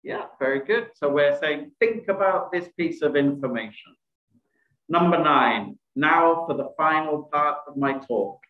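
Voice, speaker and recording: A man leads a video-call workshop on presenting, asking participants questions and praising what they say. His fairly high voice has lively intonation at a measured pace, captured as echoey, dull video call audio.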